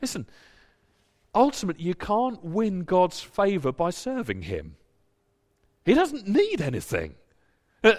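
A man preaching a sermon and reading scripture, animated, often repeating words as he builds a point. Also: high-pitched, slow, pauses often. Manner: animated, repeats words when stirred, acts out quoted voices. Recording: long hall reverb.

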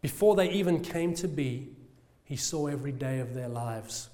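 A British man preaching a sermon with passion, asking rhetorical questions and drawing out key phrases slowly for emphasis. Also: mid-range voice, animated, warm tone, big-room sound.

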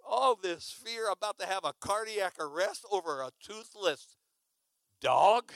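Animated man preaching with acted sounds. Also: sits high, unhurried, no room sound. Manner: animated, acts out sounds and shouts. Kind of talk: sermon storytelling.

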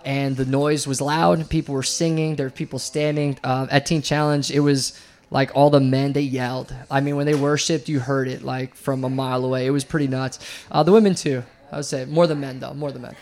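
A man's voice: mid-range voice, flat delivery, a little fast, a little mellow. A man preaching a sermon in a church, telling a personal story in an earnest, conversational way with frequent fillers and restarts. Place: church sanctuary.

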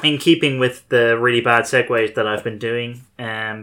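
Bright-voiced man hosting a review podcast. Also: medium pitch, little pitch movement, moderate pace. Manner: thoughtful, self-correcting, wry. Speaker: podcast host. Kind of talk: casual review chat.

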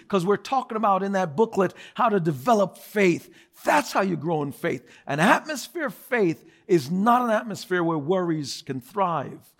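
Pastor guy preaching, highish voice, gets loud then drops way soft for stories. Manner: preaching with rising emphatic repetition and dramatic soft drops. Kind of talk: sermon.

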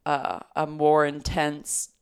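A woman's voice: sits low, completely flat delivery, slow pace, smooth. A woman talking in a casual, heartfelt conversation, reflective and searching, with lots of "like" and fillers.

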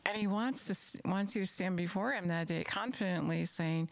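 A woman's voice: fairly low pitch, normal speed, creaky. A middle-aged woman preaching an earnest sermon and reading scripture aloud, repeating words for emphasis.

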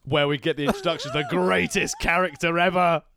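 A man's voice: fairly high pitch, a little fast, creaky, crowd noise. A man co-hosting a casual chat, adding dry joking asides. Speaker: podcast co-host.

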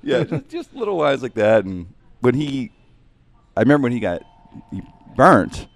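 A man's voice: mid-range voice, huge pitch swings, normal speed, vocal fry, dry recording. A man, a comedian, talking in a casual interview, rambling and reflective, often saying "man.".

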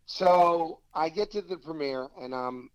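A man's voice: fairly high pitch, a little slow, smooth, no echo, rough recording. Man telling a story with dry sound. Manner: animated storyteller, acts out quoted dialogue. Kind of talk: casual anecdote on a talk show.

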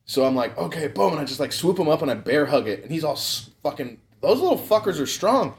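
A man's voice: fairly high pitch, very animated, quick pace. A young man telling a long story in a casual, rambling way, swearing constantly and breaking into laughs. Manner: profane, rambling, laughs often.

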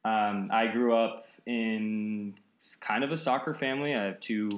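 A man's voice: on the low side, fairly even intonation, measured pace, echoey room. A man in his late twenties from the Seattle area, a podcast guest talking in an easygoing, rambling way with lots of fillers. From Seattle area, United States. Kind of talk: casual interview chat. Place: apartment.

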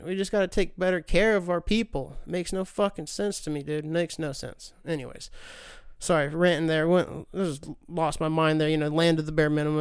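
A man's voice: fairly high pitch, clean tone, no echo, studio quality. A young man hosting a podcast, ranting casually with lots of swearing and sarcastic mock voices. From United States. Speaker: podcast host. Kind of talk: casual solo rant.

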